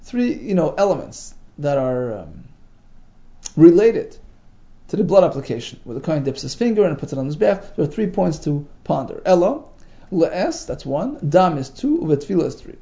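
A man's voice: on the high side, sing-song, normal speed, mellow, highs cut off. A man giving a Talmud class, reading Aramaic phrases and explaining them in English with emphatic delivery. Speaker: Talmud teacher.

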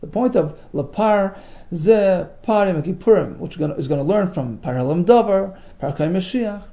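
A man's voice: sits high, animated, moderate pace, vocal fry, dark tone, muffled recording. A man giving a Talmud class, reading Aramaic phrases and explaining them in English with emphatic delivery. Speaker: Talmud teacher.

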